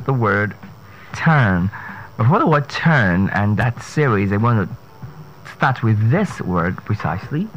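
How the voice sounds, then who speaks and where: A man's voice: fairly low pitch, sing-song, unhurried. A man, a speech coach giving an emphatic pronunciation lesson, repeating and spelling out words. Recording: dull lo-fi sound with faint noise.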